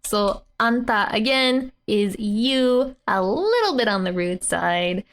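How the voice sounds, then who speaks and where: A woman's voice: mid-range voice, expressive, slow. A woman teaching a casual language lesson from a comic, laughing often as she explains.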